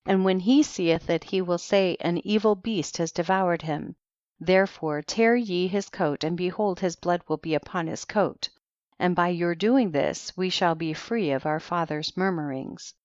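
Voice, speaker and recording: A scheming young brother lays out his plan in calm, persuasive tones, voiced by a woman reading the tale. The voice is lowish and the recording dry and a little dull. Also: measured pace, no echo, natural voice. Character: scheming young man, a brother giving advice. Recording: dry, slightly muffled recording.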